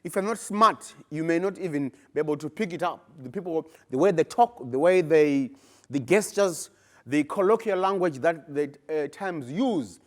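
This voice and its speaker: At a conference, a middle-aged man with a Zimbabwean accent presents his research as a live talk to a room, at a moderate pace in a somewhat high voice. He's animated and emphatic, his pitch jumping up in bursts whenever he presses a point.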